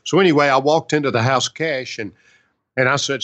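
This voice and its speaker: On a muffled recording, a man in his seventies who's a veteran and songwriter chats through stories during a casual interview. He speaks a little fast, at medium pitch, with a fairly bright tone and a folksy style.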